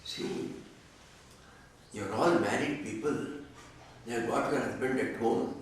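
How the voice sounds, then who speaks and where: A man's voice: mid-range voice, slow. A man with an Indian English accent, a swami giving a scripture discourse, who chants Sanskrit verses and then explains them in conversational, teasing English. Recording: echoey hall audio from far off, faint noise.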